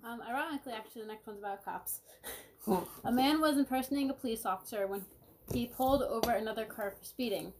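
A woman's voice: a little high, fast talker, slight background noise, low-quality recording. A woman co-hosting a podcast, reading out short odd news stories in a matter-of-fact way. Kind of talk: reading out short news items in casual chat.

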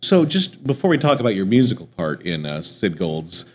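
A man's voice: low voice, very animated, normal speed, a little mellow, a little hiss or hum. A man hosting an interview, asking friendly questions that often stop and restart. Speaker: interview host. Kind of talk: casual interview.

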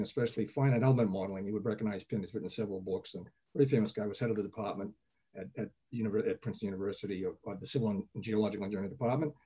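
An older man, a groundwater professor, telling anecdotes in a relaxed interview, chatty and peppered with "okay?" asides. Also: lowish voice, husky.

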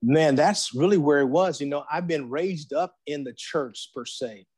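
A man in his forties sharing his faith testimony as a podcast guest, in a slangy, animated storytelling manner that acts out the voices he quotes. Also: a little high, normal speed, slightly rough.

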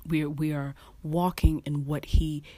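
Slow easygoing preacher, keeps restarting words, dry close sound. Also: mid-range voice, flat delivery, dark tone, no echo. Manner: halting, repeats words, chuckles often. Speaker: online preacher. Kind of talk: casual devotional teaching.

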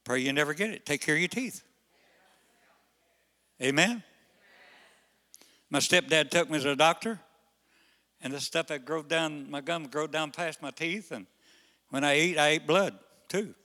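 An older man, a pastor, telling folksy stories in a sermon, halting on fillers, then bursting out loud to the congregation. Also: a little high. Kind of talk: storytelling sermon. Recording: long hall reverb.

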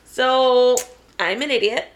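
A woman's voice: high-pitched, slow. A young woman casually telling a story about herself, self-mocking and giggly. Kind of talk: casual chat.

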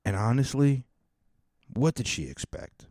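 A man's voice: medium pitch, big pitch swings, a little slow, warm tone, dry recording, clean studio sound. A man in his thirties hosting a podcast, telling crude, rambling, comedic stories in a mocking tone. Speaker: podcast host. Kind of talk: casual comedic storytelling.

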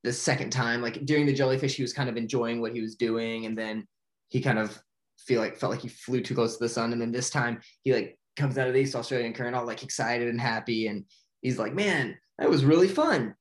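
A young man talks through a film's plot in a loose, casual way, stumbling over his words and filling gaps with "like". He keeps breaking into quick, excited bits where he acts out the characters' lines. His voice sits in an ordinary middle pitch. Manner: rambling, filler-heavy with frequent "like"; quick bursts of excited acted-out quotes. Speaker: movie recapper. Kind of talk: casual spoken movie recap.

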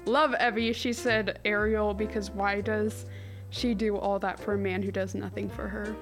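A woman's voice: mid-range voice, flat delivery, normal speed, soft background music. A young woman co-hosting a casual history podcast, reading from her notes with jokey asides and giggles. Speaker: podcast co-host.

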